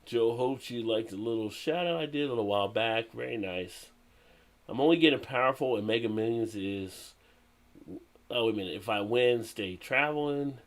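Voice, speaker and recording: Laid-back man reading live chat. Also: medium pitch. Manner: reads viewer comments aloud, laughs often. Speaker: live stream host. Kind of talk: casual live stream chat.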